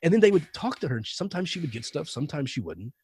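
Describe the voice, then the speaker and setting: A man being interviewed on a podcast, telling anecdotes in a relaxed, conversational way and animating the voices of people he quotes. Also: fairly high pitch, very fast, breathy edge. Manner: anecdotal, animated when quoting others. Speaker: podcast guest. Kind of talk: conversational storytelling.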